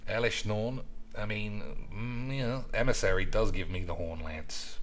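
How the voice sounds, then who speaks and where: A man's voice: on the low side, normal speed, pushed and bright. A man streaming as he builds a card game deck, rambling, joking, swearing and chatting to his audience in a casual way.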